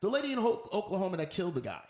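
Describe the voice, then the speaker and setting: Emphatic talk radio host, echoey room. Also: male voice, sits high, wildly swooping pitch, very fast, a little mellow. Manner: emphatic, preachy, repeats points for effect. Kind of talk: opinionated talk radio rant.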